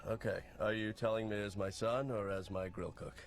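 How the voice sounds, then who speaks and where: A man's voice: lowish voice, steady tone, brisk, lightly acted. A man voicing a weary, exasperated middle-aged dad who runs a burger restaurant and lectures his kids with sighs. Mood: lecturing. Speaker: restaurant owner giving his kids a pep talk. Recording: cartoon audio over loud music.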